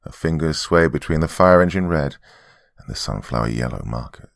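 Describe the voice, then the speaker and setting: A man narrating a horror story as host of his podcast, in a dry, measured storytelling manner. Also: a bass voice, lively intonation, creaky, no room sound.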